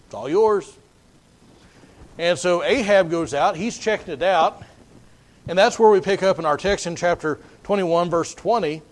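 A man with a notably high voice preaches a sermon, retelling the story as if chatting with his listeners. His delivery is folksy and loose, and he often restarts his phrases mid-thought. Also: normal speed.

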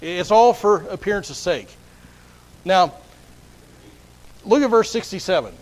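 Man, high voice, pastor, sermon, earnest, repeats words. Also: lively intonation, unhurried, poor audio.

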